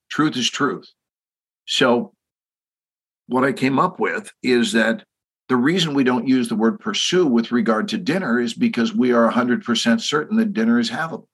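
A man's voice: mid-range voice, fairly bright tone, breathy edge. A man in his sixties with a Texan accent, a podcast guest telling stories emphatically and asking listeners rhetorical questions. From Texas. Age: 60s. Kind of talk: podcast conversation.

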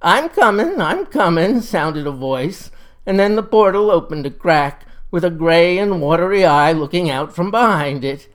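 A storyteller spinning a folksy yarn with a wry, unhurried touch. The telling is relaxed and knowing, and it savors each odd detail. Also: medium pitch.

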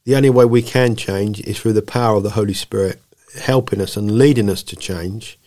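A man's voice: lowish voice, fairly quick, a little mellow. A man co-hosting a casual faith podcast, mixing preachy talk with jokes. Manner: playful, preachy, breaks into jokey voices. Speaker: podcast co-host.

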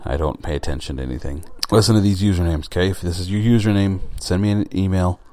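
A man hosts a podcast on his own, in a loose, rambling monologue. His voice sits low and deep. He speaks bluntly and drops the odd swear word. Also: quick pace, a little mellow. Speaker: podcast host. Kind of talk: casual solo monologue.

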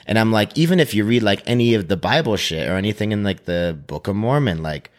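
A man with a fairly low voice tells a story in a relaxed chat. He talks animatedly and swears freely, slipping into the voices of the people he describes. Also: fast talker, few pauses. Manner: animated, profane, acts out quotes.

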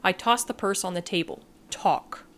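A woman reading a first-person adventure story aloud with dramatic, measured delivery. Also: medium pitch, a little hiss or hum. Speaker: story narrator.

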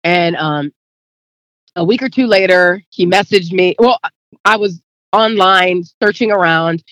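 A woman's voice: fairly low pitch, measured pace, fairly bright tone, no echo. A woman guest telling a personal story in casual chat, rambling and acting out the dialogue, close to tears. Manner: rambling, acts out quoted dialogue; emotional, near tears.

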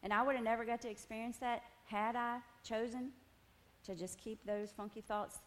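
A woman's voice: fairly high pitch, fairly even intonation, moderate pace. A woman giving a personal testimony to a group at tables, telling her story animatedly with laughter and frequent asides to the room. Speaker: women's ministry speaker.

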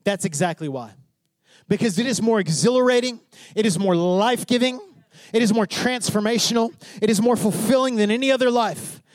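A man's voice: sits high, a little fast, no room sound. A pastor preaching to his congregation, asking questions and building to fervent emphasis. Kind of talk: sermon.

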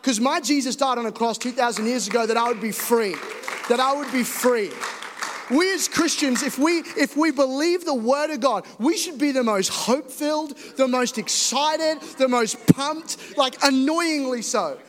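A young man preaching an animated, joking sermon to a Sunday congregation. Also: very high-pitched, normal speed, some chatter behind. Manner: animated, joking, rising to emphatic exhortation. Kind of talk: energetic sermon. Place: church hall. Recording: echoey hall reverb.

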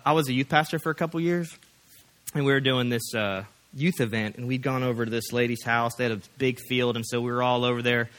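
A pastor preaching a sermon in a folksy, rambling storytelling way, full of fillers and restarts. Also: male voice, medium pitch, a bit bright.

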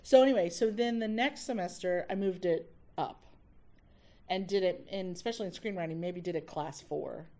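A woman who teaches college, a podcast guest, chatting casually and telling stories with lively acted-out dialogue. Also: lowish voice, normal speed. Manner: animated storyteller who acts out dialogue.

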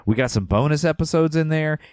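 A man's voice: on the high side, fairly quick, a little mellow, clear, resonant tone, no room sound, studio quality. A man hosting a movie podcast, talking in casual chat with playful, teasing banter. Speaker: podcast host.

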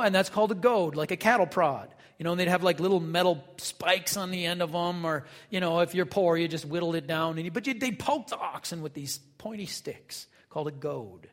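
Pastor, man, high voice, relaxed folksy sermon delivery, big hall reverb. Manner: conversational, folksy asides, acts out quotes.

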